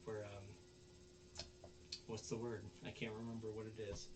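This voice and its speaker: A man's voice: lowish voice, a little slow, background noise. A man hosting a casual podcast, recapping anime episodes in a rambling way with lots of fillers and restarts, and acting out the characters' lines. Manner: acts out characters' lines in animated voices. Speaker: podcast host.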